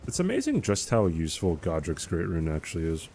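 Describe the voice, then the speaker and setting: A young man with a low, mellow voice talks his way through a live game stream. He rambles loosely and answers viewer comments as they come in. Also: huge pitch swings, fairly quick, a little hiss or hum. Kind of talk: casual live-stream commentary while gaming.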